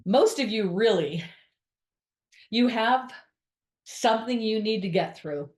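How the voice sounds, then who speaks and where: A woman's voice: fairly high pitch, lively intonation, slow. A woman giving an earnest, confessional spiritual monologue to her viewers, with candid asides. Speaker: spiritual speaker. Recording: roomy echo.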